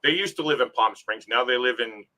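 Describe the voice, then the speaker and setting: A man from Canada in casual group chat, animated and joking with quick exclamations. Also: medium pitch.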